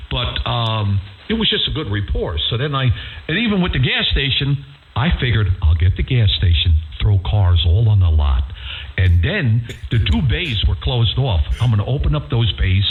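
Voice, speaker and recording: An older man chatting casually over ham radio, a folksy storyteller who acts out the people in his tales. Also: medium pitch. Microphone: radio transceiver microphone. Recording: over-the-air ham radio audio, narrow with faint hiss.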